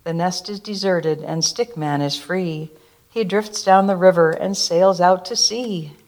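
A woman's voice: lowish voice, measured pace, darkish tone. A woman reading a rhyming picture book aloud, in a rhythmic, lilting way. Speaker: storyteller.

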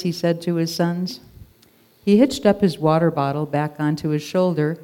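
A storyteller reading a children's story aloud in an expressive read-aloud manner. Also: medium pitch, moderate pace, clear, resonant tone.

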